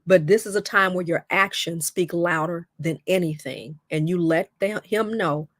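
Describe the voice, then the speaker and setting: A middle-aged woman with a low, warm-toned speaking voice talks straight to her viewers on a livestream. Her delivery is direct and emphatic, full of "okay?" and "right?" check-ins. The sound is close and dry, with no room echo. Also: moderate pace, few pauses. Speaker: host. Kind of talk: livestream talk on relationships.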